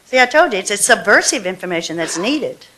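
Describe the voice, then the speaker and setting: A woman's voice: medium pitch, sing-song, pushed and bright. Woman poet reading verse aloud. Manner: chatty asides, slow deliberate verse reading. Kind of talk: poetry reading with commentary. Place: university reading hall.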